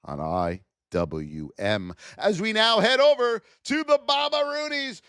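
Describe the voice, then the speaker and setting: A man hosting a live trading stream, calling price levels with energetic, hype-filled, sing-song talk. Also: sits high, a little slow, hardly any pauses, clear, resonant tone, no room sound, clean studio sound. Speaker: trading livestream host. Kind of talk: live market commentary.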